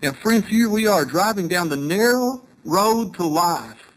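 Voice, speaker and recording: A man's voice: high voice, expressive, a little slow, low-quality recording. A middle-aged man giving a sermon to a congregation, telling stories and asking the audience questions. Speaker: congregation speaker.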